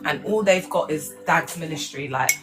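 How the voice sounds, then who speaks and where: A woman's voice: sits low, moderate pace, over music. A woman chatting frankly on a phone live stream at home. She rambles and keeps checking in with "do you know what I mean", calling her viewers "baby" and "my love". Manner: chatty, frank, many tag questions and terms of endearment. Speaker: livestream host.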